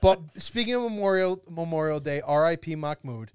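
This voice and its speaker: A man in his forties tells Army stories on a casual podcast. His voice sits a little high and comes through smooth and clean. He swears freely and laughs often as he talks. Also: fairly quick, dry recording. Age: 40s. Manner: animated storyteller, profane, laughs often. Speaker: podcast co-host, former Army officer.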